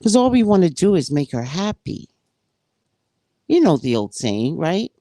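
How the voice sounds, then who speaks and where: A woman who works as a psychic, reading from a spiritual book and commenting on it, acting out dialogue like an animated storyteller. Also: on the low side, unhurried, dry recording.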